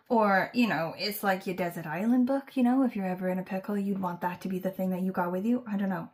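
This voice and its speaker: Chatty woman book vlogger at ordinary pitch, loose and playful, full of fillers. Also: fairly quick. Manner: chatty, many fillers, playful and self-teasing. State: fighting back tears. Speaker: booktube host announcing a reading challenge. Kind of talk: casual chat to camera.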